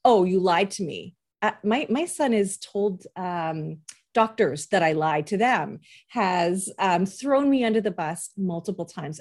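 A woman's voice: mid-range voice, a little mellow. A woman in her forties, a parent coach hosting a podcast and giving earnest, reassuring advice, who often acts out what parents and children say.

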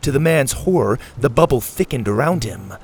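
A man narrating a children's storybook in an animated, expressive reading. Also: mid-range voice, moderate pace, gravelly, breathy edge.

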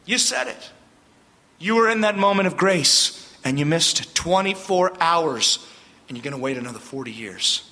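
A man preaching a sermon, reading scripture aloud and commenting, swinging from loud declaring to low hushed warning. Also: lively intonation, normal speed. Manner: reads scripture aloud, then breaks off to comment. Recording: long reverb from a hall.

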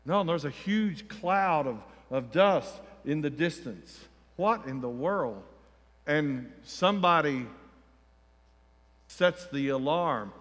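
A man preaching a sermon, telling the story with feeling and acting out the crowd's voices, rising to near shouts. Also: a little high, animated, slow pace. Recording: long reverb of a large hall.

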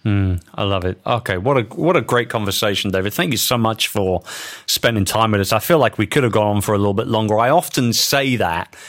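A man's voice: on the low side, brisk, a bit bright. A man hosting a podcast interview, chatty and enthusiastic, with frequent restarts. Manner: enthusiastic, chatty, with repeated false starts. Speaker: podcast host.

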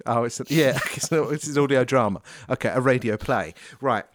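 A man's voice: medium pitch, fairly quick, no room sound. A man from the UK co-hosting a casual comedy podcast, laughing a lot and riffing on jokes. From United Kingdom. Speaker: podcast co-host.

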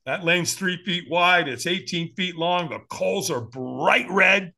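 High-pitched and slow, with noticeable vocal fry, a US man who teaches firewalking shares a story as a podcast guest. His telling is lively, full of impersonated voices and frequent chuckles.

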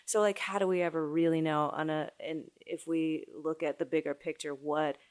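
A woman with a slightly low voice talks openly and reflectively in relaxed conversation. She laughs easily and keeps a conversational tone. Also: moderate pace. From small town. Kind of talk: casual chat.

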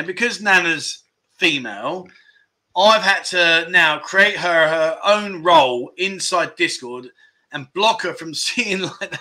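A man's voice: fairly high pitch, pushed and bright. A man hosting a casual livestream, chatting and joking as he thanks viewers and reads their comments. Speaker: livestream host.

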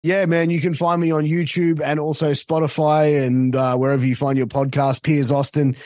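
A man's voice: a little high, flat delivery, moderate pace, a little mellow, dry recording, studio quality. An Australian man, a podcaster and wrestling announcer, chatting casually as a guest, swearing freely and filling his talk with asides. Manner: profane, loose, full of fillers.

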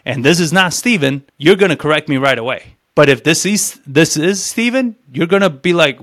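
A fairly high-voiced male sales coach teaching cold calling. He talks bluntly and swears freely. He acts out sample phone calls as he explains them. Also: lively intonation, normal speed, few pauses, fairly bright tone.

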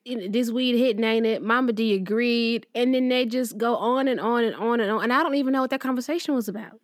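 A woman co-hosting a podcast, reviewing a movie in casual chat with quick back-and-forth reactions and laughs. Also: fairly high pitch, no room sound, clean studio sound. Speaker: podcast co-host.

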